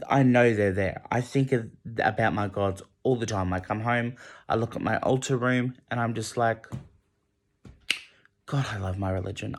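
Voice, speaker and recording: A young man vlogging a late-night rambling monologue, emotional and halting, often restarting his sentences. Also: mid-range voice. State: emotional, close to tears.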